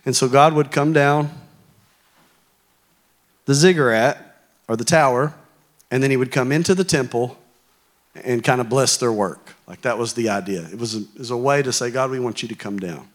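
Conversational preacher, joking with the congregation. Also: male voice, mid-range voice, normal speed, pauses often. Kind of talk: sermon.

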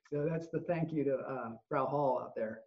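A man hosting a casual interview podcast, telling stories and acting out quotes with lively energy. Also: mid-range voice, unhurried. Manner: animated storyteller, acts out quotes. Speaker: podcast host. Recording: dull lo-fi sound.

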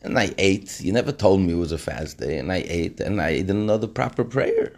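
A man putting on the voice of an earnest, emotional simple village man, pleading and anguished, with a husky, creaky tone. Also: deep voice, lively intonation, fairly quick, darkish tone. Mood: distraught.

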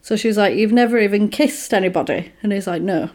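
A woman chatting casually, retelling a film plot and acting out the characters' lines in an animated way. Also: medium pitch, brisk.

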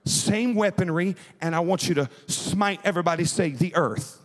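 A man's voice: high voice, moderate pace. A young man preaching a fervent youth sermon at a church service, calling on the crowd to answer back in a rhythmic preaching cadence. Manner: fervent, call-and-response with the crowd. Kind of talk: Pentecostal-style sermon. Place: church sanctuary at an evening service. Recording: long reverb of a large hall.

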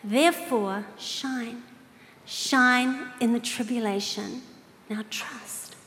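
A woman voicing God, slow and solemn. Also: a little high, slight background noise. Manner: slow, solemn, measured delivery. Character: God, a calm, solemn, slow-speaking male voice. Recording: reverberant hall with faint ambience.

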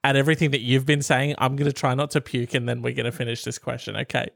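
A man's voice: medium pitch, flat delivery, fast, creaky, fairly bright tone, dry recording, studio quality. A man co-hosting a podcast, chatting casually with a teasing, profane, exasperated manner. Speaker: podcast co-host.

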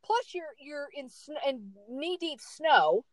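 Animated middle-aged woman telling a story. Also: high voice, slow, no room sound, poor audio. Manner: animated, dramatic, repeats words for emphasis. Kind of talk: casual storytelling chat.

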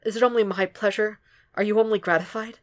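A woman's voice: medium pitch, steady tone, quick pace, pitched above the performer's own voice, natural voice. Woman playing a breathless, pleading young man. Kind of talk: audiobook fan fiction reading.

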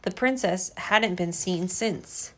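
A woman reading a storybook aloud to her child, gentle and expressive. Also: lowish voice, slow pace.

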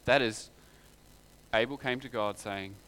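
A man's voice: mid-range voice, unhurried, bright, forceful tone, clean tone. A man preaching a sermon in a conversational way, full of rhetorical questions.

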